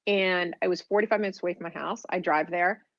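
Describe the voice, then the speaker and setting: A middle-aged woman guest telling her story in an animated, rambling way, full of fillers and restarts. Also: lowish voice, fast talker, no echo. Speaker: guest author. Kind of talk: casual storytelling interview. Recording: dull, dry remote audio.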